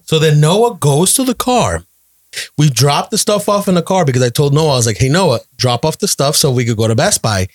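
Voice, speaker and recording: A man telling a family story in a casual chat, animated and repeating phrases as he acts out quotes. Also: a little high, brisk. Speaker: podcast guest, storyteller.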